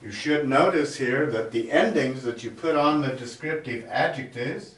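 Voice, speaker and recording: A man who teaches German gives a slow, step-by-step grammar explanation, writing on the board as he goes. His voice sits at medium pitch with a slightly bright tone, and the far-off mic picks up an echoey room.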